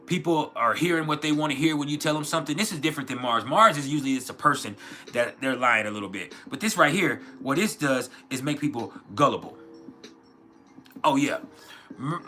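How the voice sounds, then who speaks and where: A man with a fairly high, bright voice and a forceful tone hosts an astrology livestream. His talk is loose and rambling, full of profanity, fillers, and restarts, like casual stream chat.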